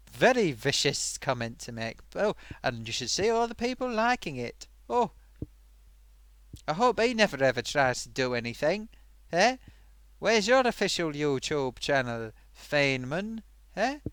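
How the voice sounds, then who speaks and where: A cheeky sock puppet host voiced by a man chats through viewer comments. His voice sits a little high. It sounds close and dry, and he keeps slipping in oofs and sighs. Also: sing-song, measured pace, a bit bright, dry recording. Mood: indignant. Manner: chatty, full of oofs and sighs. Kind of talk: live-stream chat.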